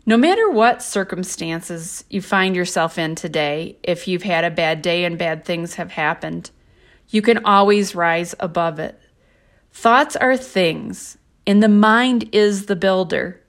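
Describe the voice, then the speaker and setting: A woman talks at an unhurried, deliberate pace on her spiritual podcast. Her voice sits at an ordinary middle pitch. She sounds calm and gentle, and she reads out passages from her own book in a measured way. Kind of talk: slow reflective spiritual talk.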